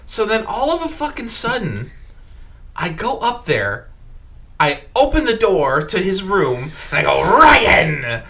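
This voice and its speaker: A man's voice: high-pitched, unhurried. A young adult man hosting a casual podcast, telling crude stories with laughter. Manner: laughing, crude, animated storytelling. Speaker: podcast host. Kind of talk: casual storytelling chat.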